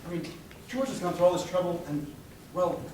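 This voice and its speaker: An actor on stage playing an earnest, smitten young groom who pleads in a bright, crooning manner. Heard from a distance in an echoey hall with music. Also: male voice, sits high, lively intonation, brisk, slight background noise. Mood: pleading.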